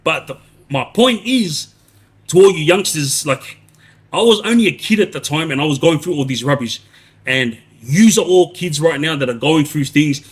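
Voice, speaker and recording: This is a husky-voiced man in his forties, chatting casually to viewers on a live stream. He tells his story in loose, rambling bursts, restarts his sentences and tacks "yeah?" onto them. His voice sits a little high for a man. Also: animated, normal speed. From Australia. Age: 40s. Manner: rambling, many restarts and tag questions like "yeah?". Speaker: livestreamer telling prison stories.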